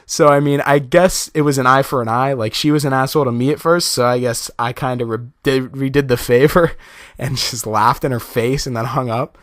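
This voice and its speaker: A man's voice: medium pitch, fairly even intonation, normal speed, a bit bright, dry recording, clean studio sound. A young man casually telling a personal story to his viewers, chatty and laughing often, with many fillers. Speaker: vlogger.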